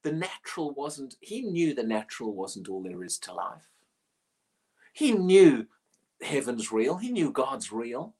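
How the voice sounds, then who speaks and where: A woman preaching a sermon, emphatic and animated, often asking rhetorical questions. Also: extremely low pitch, a little slow, slightly rough.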